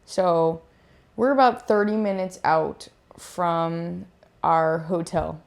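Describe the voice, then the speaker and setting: A woman's voice: fairly low pitch, slow pace, vocal fry. Young woman telling a travel story. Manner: animated, acts out quotes. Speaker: beach volleyball player, co-host. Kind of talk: casual storytelling chat.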